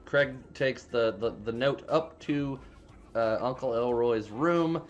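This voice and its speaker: A man recaps a film plot in a loose, rambling way, swearing freely and padding his lines with fillers. His voice sits at an ordinary middle pitch. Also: slow, dull audio, faint music behind. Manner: rambling, profane, filler-heavy storytelling. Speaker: movie reviewer. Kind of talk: casual spoiler recap.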